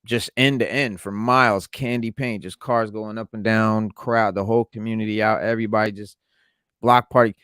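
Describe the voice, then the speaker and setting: A man's voice: on the low side, fairly even intonation, normal speed, a bit bright, smooth, dry recording, studio quality. A man from New York co-hosting a podcast, telling stories in a laid-back, slangy way. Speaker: podcast co-host. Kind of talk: casual chat.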